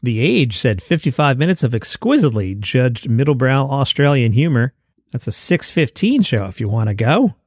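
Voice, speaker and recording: A man's voice: mid-range voice, very animated, normal speed, darkish tone, no room sound, studio quality. A man hosting a podcast news roundup in a casual, wry manner, reading out headlines. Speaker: podcast host.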